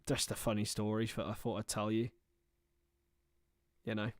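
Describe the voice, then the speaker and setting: A man's voice: fairly low pitch, completely flat delivery, normal speed, dry recording, studio quality. A young man giving casual livestream football commentary, mixing play-by-play with rambling, chatty asides. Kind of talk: casual watchalong match commentary.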